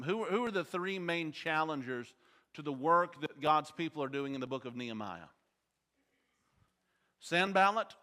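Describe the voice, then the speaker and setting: Bright-voiced man teaching a Bible class. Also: mid-range voice. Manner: quizzes the class with questions. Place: church auditorium. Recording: long hall reverb.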